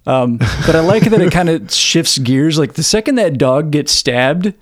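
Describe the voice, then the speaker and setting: A man's voice: fairly high pitch, expressive, normal speed, no echo. A man co-hosting a podcast, talking casually about a film, laid-back and swearing freely, on a close mic. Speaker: podcast co-host.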